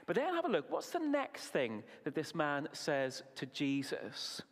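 A man preaching at a family service, asking the children questions and praising their answers in an animated way. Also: on the high side, unhurried. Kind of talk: children's talk in a sermon. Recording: long reverb of a large hall.

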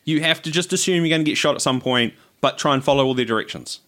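A man's voice: mid-range voice, fast, fairly bright tone. A podcast co-host from New Zealand chatting casually, laughing often and acting out phone calls as he tells them. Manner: storytelling, laughs a lot, acts out calls. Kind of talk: casual chat.

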